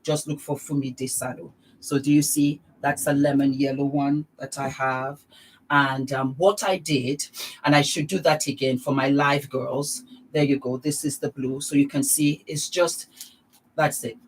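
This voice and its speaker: A woman's voice: rumbling low, fairly even intonation, normal speed, a little hiss or hum, poor audio. A middle-aged woman vlogging a casual beauty product demonstration, gushing and exuberant, repeating her words of praise.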